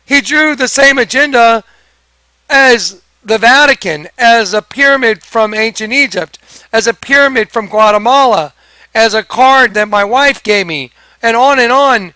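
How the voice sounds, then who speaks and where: An excitable man tells a story straight to his viewers and acts out each exchange. His voice sits high with a bright, forceful edge. The recording is dry and close to the mic. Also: no echo. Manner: excitable, acts out quoted dialogue. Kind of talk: animated storytelling monologue.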